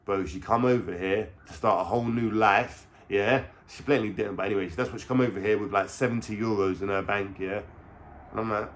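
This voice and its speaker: A man, telling a story to the camera. He talks in animated street slang, swears constantly and keeps asking the listener for agreement. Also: lowish voice, a little fast, a little hiss or hum. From London. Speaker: vlogger. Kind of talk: storytime vlog.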